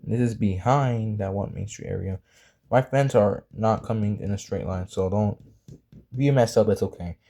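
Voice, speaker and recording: Drawing as he talks, a young man who makes drawing tutorials chats casually in a lowish, gravelly, warm voice at normal speed. He rambles and apologizes, full of fillers and restarts.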